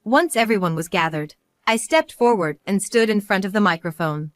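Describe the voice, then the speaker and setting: A middle-aged woman reading a first-person story in a calm, measured, resolute way. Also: mid-range voice, no room sound, clean studio sound. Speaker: narrator.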